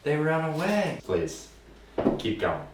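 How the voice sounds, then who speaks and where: Rambling mock-French deposed king, slow and pompous, man doing the voice. Distant, noisy, roomy recording. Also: fairly high pitch, huge pitch swings, pitched above the performer's own voice, heavily acted. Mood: boastful. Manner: rambling, self-important, bragging. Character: boastful deposed male "king of 2021".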